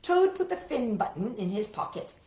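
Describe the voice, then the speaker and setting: A woman reading stories aloud to children, bright and sing-song, with her pitch swinging widely. Her voice sits a little high. The recording sounds roomy and a bit dull. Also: sing-song, normal speed. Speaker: children's story reader.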